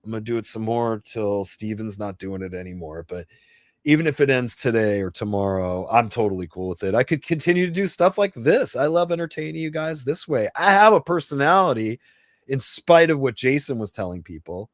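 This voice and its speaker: A man's voice: mid-range voice, animated, fairly quick, no room sound. Blunt, swearing man in his fifties. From New Jersey, USA. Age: 50s. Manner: blunt, profane, rambling with restarts. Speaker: host. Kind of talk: casual livestream Q&A chat. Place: home livestream setup.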